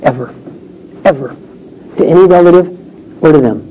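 Speaking at normal speed with a voice on the high side, the middle-aged man continues his sermon's personal anecdote. He tells it in an animated way, acting out those he quotes, on a dull lo-fi recording with faint noise.

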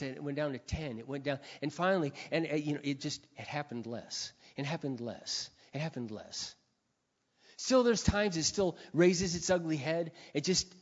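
A man preaching a sermon, telling stories with big swings between quiet and shouted passages. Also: a little high. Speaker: pastor. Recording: dull sound with long hall reverb.

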